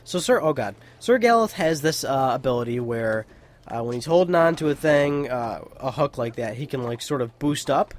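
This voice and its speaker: A young man talks over his gameplay in a loose, rambling let's play commentary. He is chatty, drifts off on tangents and swears freely. His voice sits at an ordinary middle pitch. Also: lively intonation, normal speed. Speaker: gaming YouTuber.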